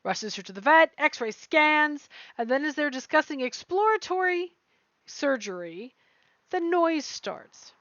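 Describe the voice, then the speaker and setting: A woman's voice: high voice, big pitch swings, unhurried, a bit bright, dry recording. A woman co-hosting a livestream, bubbly and playful in casual chat, reading viewer comments aloud. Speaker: co-host reading stories on a livestream. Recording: dry, dull lo-fi stream audio.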